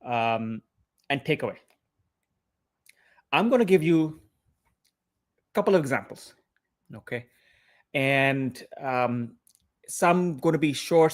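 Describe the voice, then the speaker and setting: A man coaching on interview preparation during a livestream, explaining patiently and spelling out acronyms letter by letter. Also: on the high side. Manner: patient, methodical explaining with frequent pauses and fillers.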